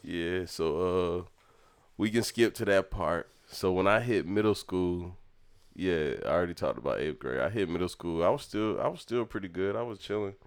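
A man's voice: low-pitched, moderate pace, clear, resonant tone. A young man, casually telling stories from his childhood, laughing often and acting out quotes. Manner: laid-back, laughs often, acts out quotes. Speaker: podcast storyteller. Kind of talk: casual storytelling.

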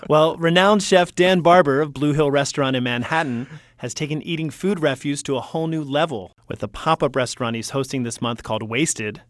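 A man's voice: fairly high pitch, a little fast, hardly any pauses, no room sound. A man hosting a public radio food and culture show, reading intros with a wry, chatty manner. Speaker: radio host. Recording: dry studio, faint music.

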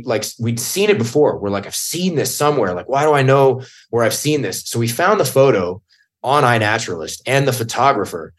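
A man in casual podcast talk, blunt and swearing, who gets heated when he acts out what he said back then. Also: medium pitch. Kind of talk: casual chat.

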